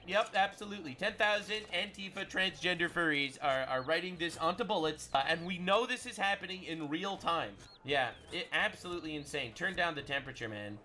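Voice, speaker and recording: Brash high-voiced male streamer. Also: animated, fast talker, few pauses, sharp tone, slight background noise. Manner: brash, profane and sarcastic ranting. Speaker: livestream host. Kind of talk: livestream political commentary.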